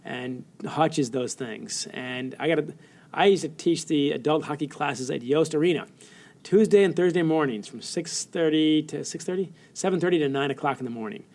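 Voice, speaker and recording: A middle-aged American man telling stories as a guest in an interview, animated and laughing often while he acts out quotes. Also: a little high, moderate pace. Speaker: author guest. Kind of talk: storytelling interview.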